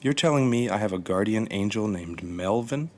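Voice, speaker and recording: A man's voice: fairly low pitch, lively intonation, normal speed, a little mellow, soft background music, close to an everyday voice. A man voicing a timid, wide-eyed little soul. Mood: earnest. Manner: earnest and questioning. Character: small, anxious, wide-eyed young soul. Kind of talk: storybook reading.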